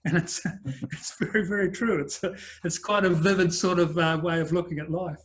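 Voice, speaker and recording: An older man, speaking as a business coach in a relaxed interview. His voice sits a bit higher than most men's, and he tells stories in a chatty, rambling way full of fillers. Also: brisk. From New Zealand. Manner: chatty anecdotal storyteller, frequent fillers. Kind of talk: conversational interview storytelling.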